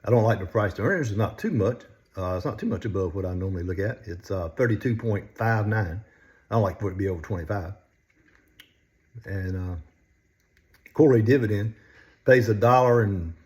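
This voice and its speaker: A man's voice: fairly low pitch, a little mellow. An older man chatting casually about stocks as a vlogger, folksy and chuckling often between phrases. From North Carolina, US.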